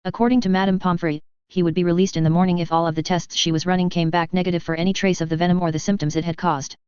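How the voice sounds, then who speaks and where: A woman reads a story aloud with a very clear, smooth voice pitched a little low. She keeps a steady, even storytelling pace. The recording sounds dry and slightly dull. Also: rapid-fire, no echo. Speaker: narrator. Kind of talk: audiobook reading of fan fiction.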